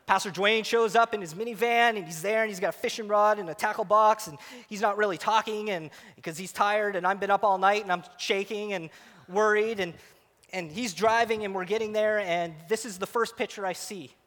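A man giving a sermon, telling an animated, self-mocking story about himself. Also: high-pitched, fairly quick. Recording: long hall reverb.

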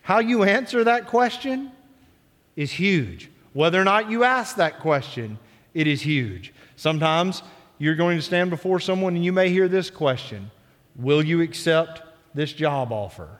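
A man's voice: sits high, expressive, unhurried, a bit bright. A male pastor preaching a sermon in a church, earnest and building on repeated phrases. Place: church sanctuary. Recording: long church reverb.

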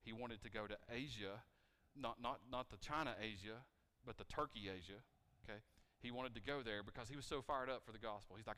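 A pastor preaches to his congregation in a church, his voice sitting a little low. He throws questions at the listeners, rising in force and then dropping to quiet appeals. The sound rings with the long reverb of the sanctuary. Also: quick pace, hardly any pauses. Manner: asks the congregation questions, swings between loud emphasis and quiet appeals. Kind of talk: sermon. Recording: reverberant church hall, mic cutting out.

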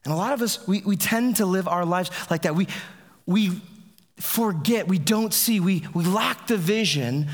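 Male pastor mid-sermon, slightly high voice, conversational, many restarts, echoing sanctuary sound. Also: normal speed. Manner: conversational preaching with frequent restarts. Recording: long reverb of a large hall.

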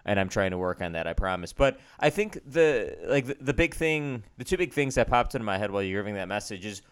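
A man's voice: fairly low pitch, animated, fast, clear, resonant tone. A man co-hosting a casual faith podcast, speaking in a candid, self-deprecating and earnest way. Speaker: podcast co-host.

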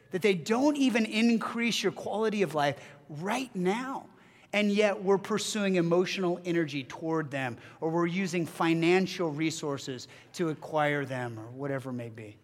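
A middle-aged man preaching a sermon, telling a family story with halting restarts and joking asides. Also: high-pitched. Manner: animated storytelling with self-deprecating asides. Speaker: pastor. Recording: long reverb of a large hall.

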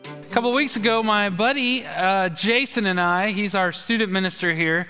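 Male pastor, high bright voice, rambling storytelling sermon, reverb of a large church hall. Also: normal speed, clean tone, faint music behind. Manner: chatty, animated anecdote telling with fillers. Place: church sanctuary.

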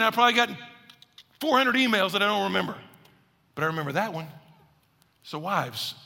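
A man pastor preaching a sermon in a lively, conversational way with playful asides, speaking in a church. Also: high voice, gravelly, slightly rough, big-room sound.

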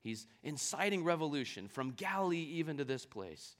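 A man's voice: on the high side, very animated, moderate pace. A man preaching a sermon, reading scripture aloud and explaining it, asking rhetorical questions along the way. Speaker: pastor.

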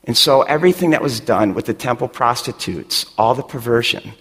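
A middle-aged male pastor from West Michigan preaches with fervor, pushing his voice up toward near shouts. The sound carries a long reverb, as if it were picked up in a big church sanctuary. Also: medium pitch, lively intonation, a little fast, breathy edge. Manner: impassioned, rising to near shouts. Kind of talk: sermon.

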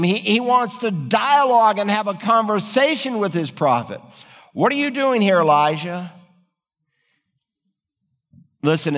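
A man's voice: fairly high pitch, fairly bright tone, long reverb tail. A man preaching an earnest, emphatic sermon, acting out biblical quotes with dramatic feeling. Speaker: pastor.

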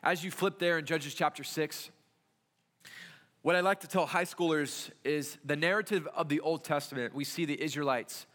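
A man's voice: fairly high pitch, moderate pace, a bit bright. A young adult man, a youth pastor, preaching a conversational sermon full of rhetorical questions in a church. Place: church sanctuary. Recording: church hall reverb.

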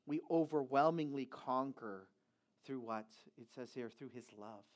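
A man preaching a sermon emphatically, moving from low, quiet stretches into loud, raised passages. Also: unhurried.

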